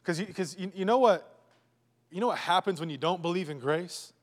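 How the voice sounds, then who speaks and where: A male pastor delivers his sermon with a slightly high voice, pressing his points through repetition and dropping to a near-hush for emphasis. The long reverb of a church hall trails behind every phrase. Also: brisk. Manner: emphatic, repetitive preaching with sudden drops to a hush.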